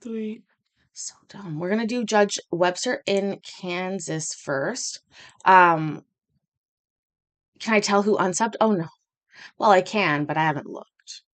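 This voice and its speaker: Casting rambling, self-deprecating woman livestream host, mid-pitched, talking casually from home. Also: a bit bright.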